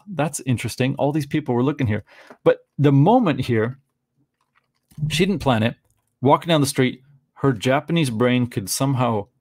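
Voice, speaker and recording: A man's voice: mid-range voice, a little mellow, no echo, clean studio sound. A middle-aged man rambling through casual commentary on photographs, searching for words and restarting often. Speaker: vlogger.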